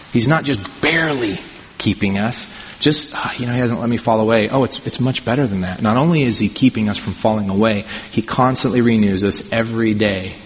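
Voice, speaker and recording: A man preaching a sermon as pastor, earnest and emphatic, repeating words to drive his points home. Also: medium pitch. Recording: reverberant hall.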